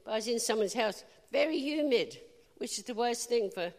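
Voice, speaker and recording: A woman preaching a sermon, telling a personal story with lively, animated delivery and bursts of laughter. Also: a little high, fairly quick, big-room sound.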